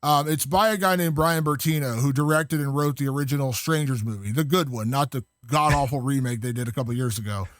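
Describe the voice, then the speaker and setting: A man's voice: mid-range voice, a little fast, hardly any pauses, fairly bright tone, no echo, clean studio sound. A man chatting casually as a podcast guest, enthusiastic and rambling, with many fillers. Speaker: guest film critic.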